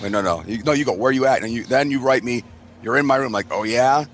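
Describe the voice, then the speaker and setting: Male podcast co-host, mid-pitched voice, profane and rambling, slightly noisy room. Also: quick pace. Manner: profane, rambling, acts out quotes. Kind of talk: casual storytelling chat.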